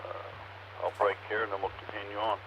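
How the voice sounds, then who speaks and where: A man's voice: fairly low pitch, moderate pace, creaky. A man acting as net control, reading the net opening and calling check-ins over a two-way radio, with fillers like "uh". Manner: steady, hesitant with fillers. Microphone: heard over a two-way radio. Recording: muffled radio audio with static.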